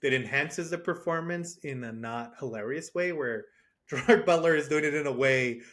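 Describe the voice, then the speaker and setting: Animated bright-voiced man reviewing a movie. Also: on the high side, normal speed. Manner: animated, laughs often, recaps plot with silly quoted voices. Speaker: podcast co-host. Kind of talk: casual movie review chat.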